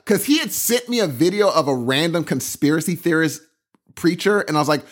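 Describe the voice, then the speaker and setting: A man co-hosting a podcast in casual chat, acting out dialogue with a rising voice. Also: fairly quick. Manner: lively, quotes dialogue with rising pitch.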